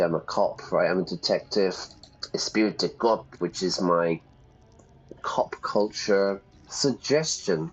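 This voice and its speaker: A man's voice: fairly low pitch, slightly rough. A man, a teacher chatting casually while playing a game and explaining words as he goes. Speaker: English teacher. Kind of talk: let's-play lesson, casual commentary. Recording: dull lo-fi sound.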